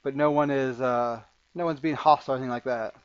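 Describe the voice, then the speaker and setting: A man narrating as game master of a tabletop game, with halting, rambling delivery. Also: mid-range voice, fairly even intonation, dry recording. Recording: muffled lo-fi audio.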